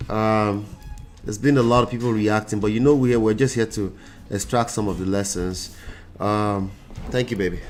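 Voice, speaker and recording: A man's voice: lowish voice, steady tone, moderate pace, faint music behind. Congested man hosting a casual livestream. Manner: chatty, greets viewers by name. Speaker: relationship coach and show host.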